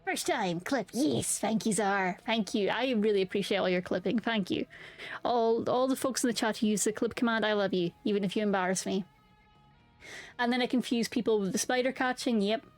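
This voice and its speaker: A woman's voice: medium pitch, a little fast, soft background music. A young woman streaming casually, chatting to her viewers and humming filler tunes between remarks. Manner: bubbly, hums and sings filler tunes. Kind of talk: casual live-stream chat.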